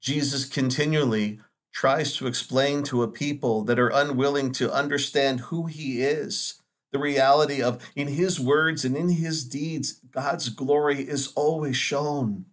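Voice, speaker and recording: A man speaking as a Catholic priest, giving a Sunday homily in an earnest, measured way with dramatic pauses. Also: mid-range voice, steady tone.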